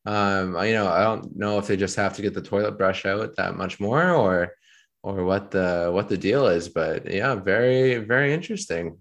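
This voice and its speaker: Low-voiced male podcast co-host, deadpan rambler. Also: normal speed. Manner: rambling, deadpan storytelling with many fillers. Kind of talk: casual chat.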